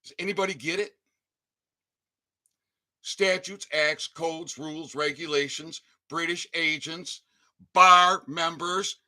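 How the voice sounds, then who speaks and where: A man delivering an angry ranting monologue, swinging between shouting and low muttering, with heavy profanity. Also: fairly even intonation, takes it slowly, pauses often. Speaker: channel host.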